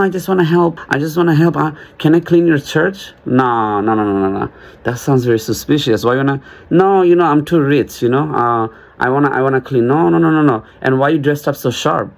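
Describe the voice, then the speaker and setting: A man talks straight to his audience in a loose, rambling vlog. He jokes his way through his point, keeps restarting sentences and slips into quick acted-out exchanges. His voice sits at an ordinary middle pitch. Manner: rambling, joking, acts out little dialogues. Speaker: vlogger. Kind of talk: casual monologue to camera.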